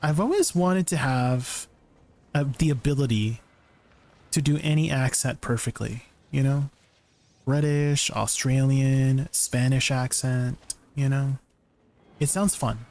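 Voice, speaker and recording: A man's voice: medium pitch, takes it slowly, darkish tone. A man chatting casually with viewers on a live stream, laughing often and answering their questions as he goes.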